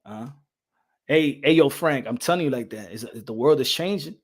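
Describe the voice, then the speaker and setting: A man hosting a boxing podcast in a loud, animated rant, laughing and swearing often. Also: mid-range voice, normal speed, husky. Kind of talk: casual livestream rant.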